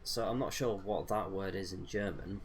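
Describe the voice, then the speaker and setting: Give me a young man rambling through a let's-play, voice on the low side. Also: moderate pace, slight background noise. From United Kingdom. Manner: rambling, chatty, with frequent fillers and self-corrections. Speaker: gaming streamer. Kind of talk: casual let's-play commentary.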